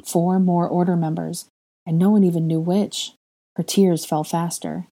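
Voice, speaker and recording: A woman with a low, soft, mellow voice narrates a heavy story. She reads the plain passages evenly and jumps up in pitch and volume when characters shout. Her tone stays warm and unhurried between the outbursts. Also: fairly even intonation. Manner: emotional, raises voice sharply for dialogue. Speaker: fan fiction reader.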